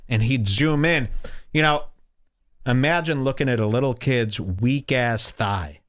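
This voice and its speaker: A man's voice: mid-range voice, unhurried, background noise. A middle-aged man hosting a podcast, giving crude comedic commentary and mocking people by putting on voices for them. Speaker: podcast host.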